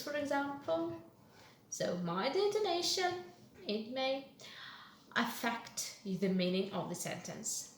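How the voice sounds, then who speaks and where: A woman walks through a beginner lesson, explaining each phrase slowly and patiently. Her voice sits fairly high. It is recorded in an echoey room with a faint hiss. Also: very animated. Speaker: language teacher. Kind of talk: walkthrough lesson commentary.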